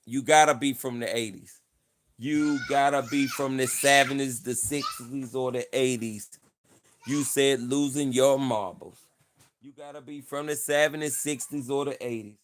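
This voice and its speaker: A man's voice: medium pitch, fairly even intonation, unhurried, slight background noise. A man chatting live to his viewers in a playful, bragging manner, saying things twice and three times over. His voice sits in an ordinary middle range. It is loose, casual livestream talk. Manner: playful, repeats himself, boastful mock-campaign talk. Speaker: livestream host.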